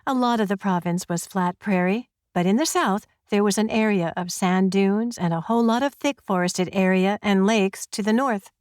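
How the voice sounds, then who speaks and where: A woman's voice: mid-range voice, moderate pace, few pauses, a little mellow, dry recording. A woman reading a first-person crime audiobook in a wry, conversational storytelling manner, close to the mic. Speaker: audiobook narrator.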